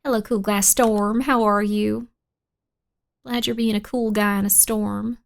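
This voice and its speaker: A woman streaming a spooky game, chatting playfully with viewers, dropping to whispers while searching and bursting into excited shouts. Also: mid-range voice, measured pace, gravelly. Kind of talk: casual live-stream gaming chat.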